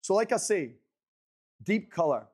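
A high-pitched, very animated yet unhurried voice with a darkish tone belongs to a Scottish brand ambassador in his twenties. He presents a tasting to a live crowd in an event room, chatting and repeating phrases for emphasis.

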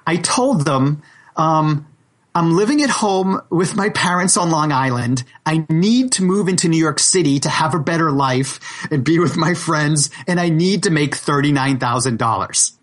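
A man's voice: fairly high pitch, moderate pace, natural voice. A man voicing an eager, naive young male job seeker, quoted while he tells a story. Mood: earnest.

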